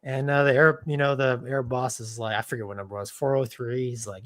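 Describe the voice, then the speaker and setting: A middle-aged man, a former Navy fighter pilot co-hosting a live show, tells a casual story. He keeps it animated, laughs mid-sentence and leans on "man" and "dude". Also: medium pitch, brisk.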